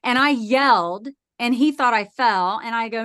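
A woman guest on a podcast, telling a personal story in a lively way and acting out the voices in it. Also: fairly high pitch, normal speed, no echo, clean studio sound.

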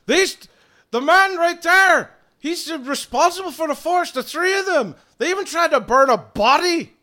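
A man voicing an angry male druid with a put-on Scottish brogue, indignant and loud. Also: sits high, steady tone, measured pace, clean tone, pitched above the performer's own voice. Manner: indignant, raises his voice.

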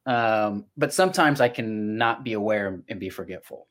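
His voice sits on the low side and is a bit bright, moving at a normal speed. He's a middle-aged voice actor on a podcast, reflective and storytelling in casual conversation, often restarting what he's saying.

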